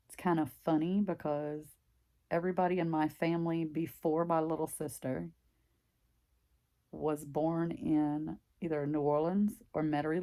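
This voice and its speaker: Low gravelly woman, deep Southern drawl. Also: mellow. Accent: deep Southern US country. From Mississippi, US. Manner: rambling, chatty, filler-heavy. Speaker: craft vlogger. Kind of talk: casual chat while stitching.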